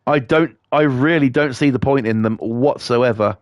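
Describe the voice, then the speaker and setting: A man's voice: medium pitch, normal speed, no echo, clean studio sound. Blunt, foul-mouthed British man ranting. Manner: profane, blunt, scornful. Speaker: livestreamer. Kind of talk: ranting stream chat.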